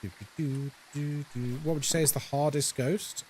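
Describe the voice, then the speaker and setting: A man's voice: a little high, fairly even intonation, normal speed, a little mellow, a little hiss or hum. A young man streaming a horror game, chatting casually and playfully with his viewers as he plays. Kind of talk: casual live-stream chat while gaming.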